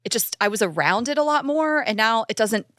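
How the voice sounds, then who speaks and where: A woman's voice: on the high side, lively intonation, fairly quick, a bit bright, no echo, clean studio sound. A woman co-hosting a casual podcast chat, talking in a chatty, eager way. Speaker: podcast co-host.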